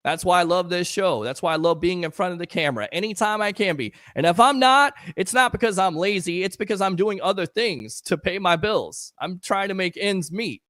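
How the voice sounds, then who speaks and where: A man's voice: sits high, expressive, brisk, hardly any pauses, fairly bright tone, no echo, studio quality. A man hosting a live sports talk stream, talking in an earnest, emotional, rambling way while hyping up his audience. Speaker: sports talk show host.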